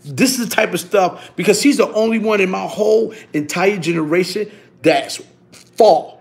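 A middle-aged man, telling stories in a casual, animated way, full of street slang and repeating himself. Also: sits high, moderate pace, vocal fry. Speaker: interviewee. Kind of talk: casual storytelling.

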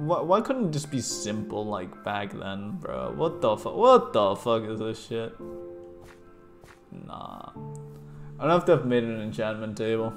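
A man's voice: on the low side, lively intonation, a little slow, soft background music. Stammering, swearing young male gamer. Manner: stammering restarts, swearing, grumbling. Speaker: streamer. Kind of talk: casual gaming commentary.

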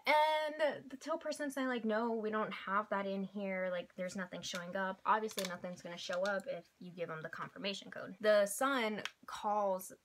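A young woman chats away to her friend in a loose, animated way, acting out the people in her story. Her voice sits at an ordinary middle pitch and she fills her talk with easy, everyday phrasing. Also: moderate pace, hardly any pauses, slight background noise. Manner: animated, chatty, quotes people in little voices. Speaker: vlog host. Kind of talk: casual chat, storytelling.

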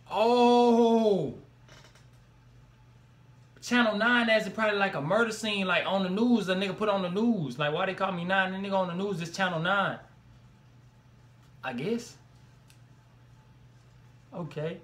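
A man's voice: high voice, a little slow, long pauses. A young man hosting a reaction video, talking in loose slang, exclaiming and laughing as he comments. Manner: animated, slangy, exclaims and laughs between remarks.

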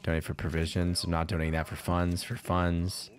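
Male streamer, very low voice, loose profane running commentary with frequent laughs. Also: monotone, brisk. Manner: rambling, profane, laughs often. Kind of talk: casual gameplay commentary.

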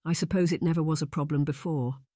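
A man voicing a proper young aristocrat in an audiobook, speaking in a measured, formal, lecturing way. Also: fairly high pitch, fairly even intonation, dark tone, no echo, studio quality, lightly acted. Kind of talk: audiobook narration.

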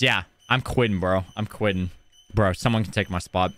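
A young man streaming a horror game, excitable, shouting and chatting to his viewers. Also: deep voice, moderate pace. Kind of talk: gaming let's play.

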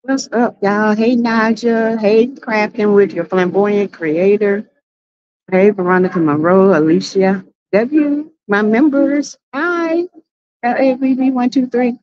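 On a casual livestream, a woman with a Southern US accent sassily welcomes chat by name, letting her exclamations drag out. Her voice sits at medium pitch with a slightly mellow quality, and the audio is dull.

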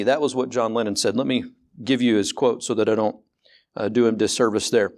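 A man's voice: on the low side, steady tone, a little mellow. Candid male pastor preaching a sermon. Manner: conversational and candid, repeats words, slows down for emphasis; asks rhetorical questions in a rising voice.

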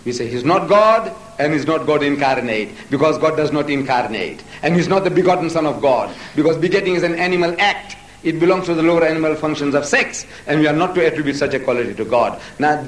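A man answers questions from the floor in a debate, fierce and insistent, firing off rhetorical questions. His voice sits a little higher than most men's. It comes from well away from the microphone and rings around a large echoey hall. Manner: forceful and emphatic, with repeated rhetorical questions. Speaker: lecturer answering audience questions. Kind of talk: public debate Q&A. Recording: echoey hall, mic far off.

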